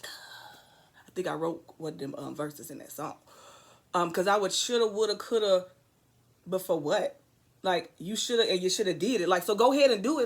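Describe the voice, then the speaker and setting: Woman vlogging a pep talk, preachy and repetitive, mid pitch, rambles off on tangents. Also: expressive, brisk. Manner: earnest, preachy, emphatic repetition; loose, rambling asides. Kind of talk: motivational talk to camera.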